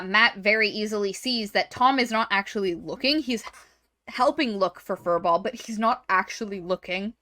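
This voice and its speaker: A woman co-hosting a book podcast, retelling a novel's plot in an animated, chatty way. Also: mid-range voice. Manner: animated retelling, lots of fillers. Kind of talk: casual book discussion.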